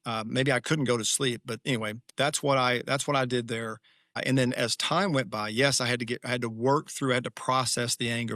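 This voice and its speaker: Gravelly, earnest middle-aged man. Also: mid-range voice, sharp tone, no echo, studio quality. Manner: earnest, emphatic, reflective. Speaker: podcast guest, author. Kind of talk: candid interview talk.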